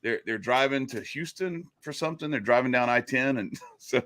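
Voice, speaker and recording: A man's voice: medium pitch, moderate pace, a bit bright. A man from Louisiana with a Cajun accent, hosting a casual podcast chat as a loose, joking storyteller. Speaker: podcast host.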